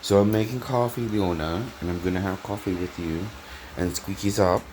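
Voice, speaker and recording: A Canadian man vlogging from his small apartment, talking in a halting, rambling way, full of fillers and restarts, with fond pet names for an absent listener and his cat. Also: sits low, background noise. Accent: Canadian English. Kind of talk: rambling home vlog talk to camera. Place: small apartment kitchen, indoors.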